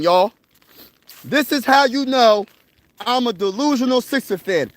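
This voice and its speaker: Young male sports vlogger with a high voice, chatty and hyped, talking on the move outdoors. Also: measured pace, pauses often. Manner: excitable, slangy, repeats himself. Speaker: sports vlogger covering his city's teams. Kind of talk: casual livestream chat. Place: outdoors on a snowy wilderness trail, walking.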